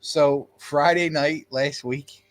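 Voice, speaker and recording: A man's voice: a little high, fairly even intonation, takes it slowly, no echo. A man chatting casually on a sports podcast, rambling and restarting sentences as he goes. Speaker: podcast co-host.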